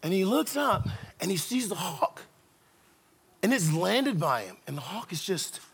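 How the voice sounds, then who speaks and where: A male pastor who delivers his sermon as an animated storyteller, talking straight to the people listening. His voice sits high for a man and moves through a lively, wide range. It has a husky, slightly breathy texture throughout. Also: unhurried. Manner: animated storyteller, addresses congregation directly.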